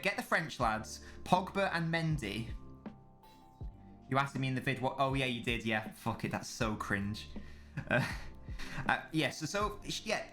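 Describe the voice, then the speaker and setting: Young guy streaming footy, swears a lot, bright voice. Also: medium pitch. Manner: banter-filled, swearing, answering chat. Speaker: streamer watching a football match. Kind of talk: casual live-stream chat.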